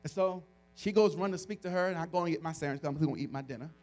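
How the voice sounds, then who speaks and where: High-voiced man preaching a story-filled sermon. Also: very fast. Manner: animated, laughing storyteller with repeated restarts. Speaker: pastor.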